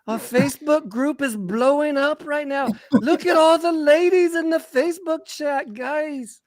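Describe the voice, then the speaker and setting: A man putting on a weak Canadian accent as an over-excited, gushing character. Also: extremely high pitch, a little slow, no room sound, studio quality, pitched above the performer's own voice. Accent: Canadian, put on.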